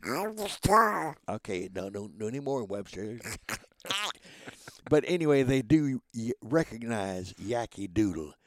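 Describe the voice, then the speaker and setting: A man's voice: on the low side, animated, measured pace, mellow, no room sound. Man in his nineties from Oklahoma, cheerful chatty guest, dry close recording. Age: 90s. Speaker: guest, voice actor. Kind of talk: casual interview chat.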